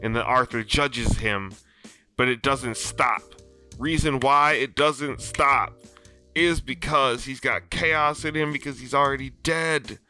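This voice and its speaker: A man hosting a podcast, giving an animated, slangy recap of a TV episode in casual chat. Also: mid-range voice, takes it slowly, faint music behind. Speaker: podcast host.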